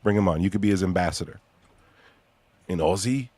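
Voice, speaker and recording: A young man hosting a podcast in casual chat, rambling through ideas with many fillers and sudden excited bursts. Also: sits low, a little fast, slightly rough, dry recording. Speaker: podcast host.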